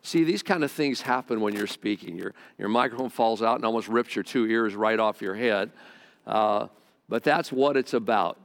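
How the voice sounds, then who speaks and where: A male pastor with a lowish voice preaches at a normal speed to a congregation in a large hall, speaking conversationally with stammered restarts and asides. He's on a close mic near his face, and the room adds a long church-hall reverb.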